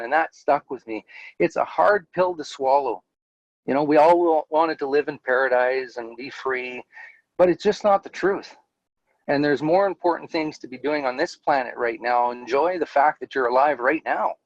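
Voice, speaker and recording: This interview guest, a former Jehovah's Witness elder, shares his story earnestly and frankly, laughing at times as he goes. His medium-pitched voice moves at a moderate pace, with no room sound and the highs cut off.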